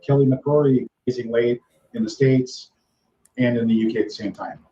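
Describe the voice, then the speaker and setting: Man, casual live-stream host, mellow dark voice, roomy echo, dull lo-fi sound. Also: mid-range voice, steady tone, a little fast, slight background noise. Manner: rambling, greeting viewers in chat. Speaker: livestream host. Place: home in the Philippines.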